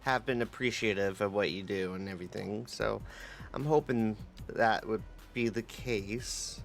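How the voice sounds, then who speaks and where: Slow, low-voiced man chatting casually. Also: gravelly, faint music behind. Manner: relaxed, rambling, many fillers. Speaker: livestreamer. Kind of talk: casual chat with viewers.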